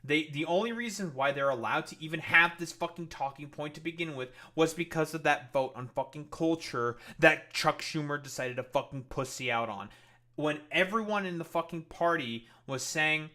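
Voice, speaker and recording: A man's voice: on the high side, lively intonation, fairly quick, pushed and bright. A man streaming heated, profane political commentary in a blunt, ranting way.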